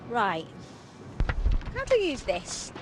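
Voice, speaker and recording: A woman's voice: fairly high pitch, huge pitch swings, slow, over music, heavily acted. An actress playing a worried mother, coaxing her child along and calling out in growing panic. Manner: pleading, then frantic shouting. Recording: noisy handheld camera audio.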